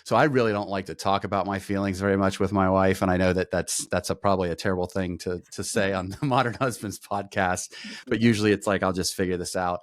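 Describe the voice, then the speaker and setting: A man in his forties hosts a podcast in a fairly low voice. He chats casually, pokes fun at himself and winds his way through long questions. The sound is dry and close, with no room in it. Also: steady tone, quick pace, no room sound. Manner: chatty, self-deprecating, rambling questions. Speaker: podcast host.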